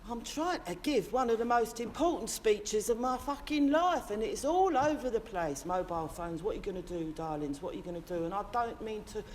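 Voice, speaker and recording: A woman's voice: medium pitch, expressive, a little fast, hardly any pauses, a little mellow, slight background noise, close to an everyday voice. A woman playing a brash, sweary working-class London man in a comic monologue, rambling and impassioned, with a London accent. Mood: impassioned rant. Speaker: character monologist. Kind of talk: comic character monologue to camera.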